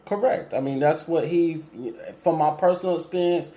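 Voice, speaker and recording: Man, call-in show host, casual, slightly high voice, mellow tone, lots of ums, firm with callers. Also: normal speed. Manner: laid-back, lots of ums, asks listeners questions; speaks to callers directly, polite and firm. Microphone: streaming setup with cameras.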